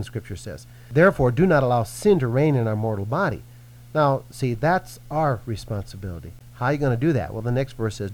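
A man's voice: medium pitch, rough recording. A man speaking as a Christian minister, teaching earnestly in conversation and acting out quoted voices. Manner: earnest, animated preaching with acted-out quotes. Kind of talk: teaching in a radio-style conversation.

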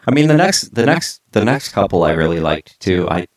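A man's voice: fairly low pitch, sing-song, moderate pace. A middle-aged man hosting a podcast interview, chatting casually with frequent restarts and tag questions. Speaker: podcast host.

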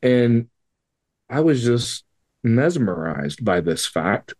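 Speaking slowly but very animatedly, a man with a mid-range, slightly mellow voice appears as a podcast guest. He relates a personal story in casual, profane language and acts out the dialogue with quoted voices, in a conversational storytelling style.

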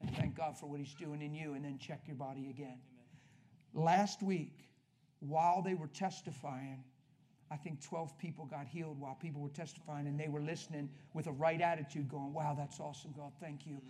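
A man preaching at a healing service in an energetic, conversational way, coaching the congregation with quick questions. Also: fairly high pitch. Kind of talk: sermon.

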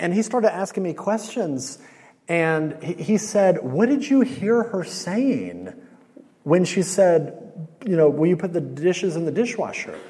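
A man in his thirties giving a relaxed, conversational sermon as a campus minister. He keeps asking the audience questions and uses lots of casual fillers. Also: a little high. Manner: conversational, with lots of "like" and "you know". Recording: long hall reverb.

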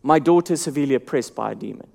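A man preaching a sermon. He moves between calm Bible teaching and rising, pleading appeals, then drops almost to a hush. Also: medium pitch, rapid-fire, creaky. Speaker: pastor.

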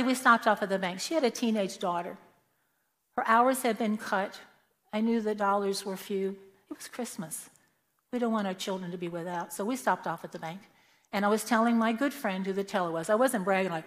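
A woman's voice: mid-range voice, normal speed. Earnest woman telling stories in a church. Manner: earnest storyteller who acts out the people in her stories. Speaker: church member giving a testimony. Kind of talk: prepared church talk with personal stories. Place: church sanctuary. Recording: long church reverb.

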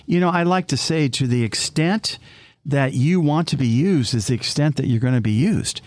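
A man's voice: medium pitch, moderate pace, darkish tone, no echo, studio quality. A man co-hosting a faith conversation, exhorting listeners with emphatic rhetorical questions. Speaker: co-host.

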